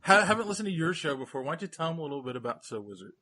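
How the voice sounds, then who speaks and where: An older man hosting a podcast, who laughs often and talks in a halting, chatty way. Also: on the high side, very animated, bright, forceful tone, slight background noise. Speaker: podcast host. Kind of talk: casual chat.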